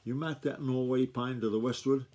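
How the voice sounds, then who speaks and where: Man doing a gruff old country farmer grandfather: rustic drawl, warm, slightly husky. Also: mid-range voice, steady tone, moderate pace, lightly acted. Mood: gentle. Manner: rustic drawl, blustery then gentle.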